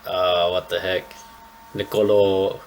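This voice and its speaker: A man's voice: low-pitched, level tone, slow pace, noisy background. A young man hosting a casual anime reaction, chatting in laid-back slang with a slightly stuffy nose. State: a little stuffy-nosed. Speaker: anime reaction channel host.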